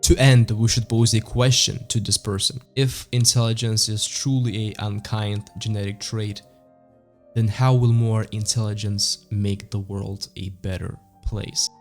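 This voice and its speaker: A man with a fairly low voice talks through a reflective video essay. He argues his point and keeps putting rhetorical questions to the listener. Faint music runs quietly under his voice. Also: fairly even intonation, measured pace. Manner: argumentative, asks rhetorical questions. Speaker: channel host.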